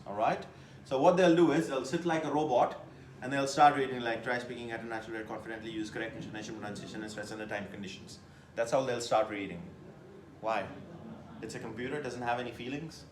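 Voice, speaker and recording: Animated male teacher in an echoey classroom. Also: fairly high pitch, a little hiss or hum. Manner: lively, emphatic, asks the class questions. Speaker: test-prep teacher. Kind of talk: classroom lecture.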